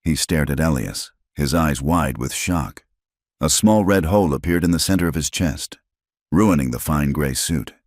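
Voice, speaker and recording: A man reading a dramatic frontier tale as scripted narration in a steady storyteller's manner. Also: a bass voice, normal speed, no echo, studio quality.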